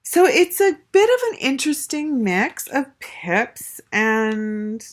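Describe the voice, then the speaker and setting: A woman's voice: sits high, big pitch swings, slow. A woman casually reviewing a tarot deck, gushing and chatty, with lots of fillers and restarts. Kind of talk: casual show-and-tell review.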